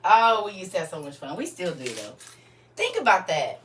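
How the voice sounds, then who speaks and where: A woman's voice: lowish voice, very animated, normal speed, fairly bright tone, far from the mic, a little hiss or hum. A woman hosting a live stream, talking casually and half-preachy to her viewers and laughing often.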